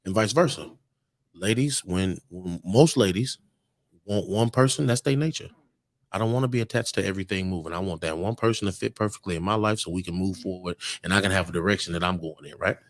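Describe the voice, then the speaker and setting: A man's voice: sits low, a little fast. A man co-hosting a podcast in a bar, giving blunt, preachy relationship advice full of slang in a casual chat. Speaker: podcast co-host. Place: bar on location.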